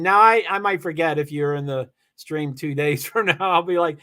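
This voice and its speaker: High-voiced man rambling through thank-yous. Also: normal speed, hardly any pauses, a bit bright. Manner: rambling, effusive thanks, frequent restarts. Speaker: livestream host. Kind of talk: casual livestream chat, reading viewer comments.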